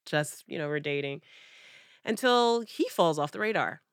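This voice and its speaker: A woman's voice: normal speed, clean tone, no room sound, clean studio sound. A woman co-hosting a podcast, telling a dating story in casual chat and acting out what people said with big jumps in her voice. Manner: animated, acts out quotes with big pitch jumps. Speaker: podcast co-host.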